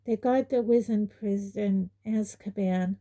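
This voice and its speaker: A woman voicing an anxious, fussing middle-aged aunt with a breathy, hushed voice in an audiobook reading. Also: medium pitch, steady tone, takes it slowly, natural voice.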